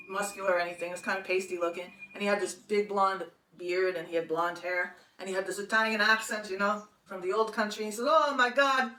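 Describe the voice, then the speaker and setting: A woman in her sixties, hosting a podcast, shares a long personal tale in a rambling, chatty manner and laughs often. Her mid-range voice is bright and forceful. The audio sounds roomy and distant, carrying faint noise.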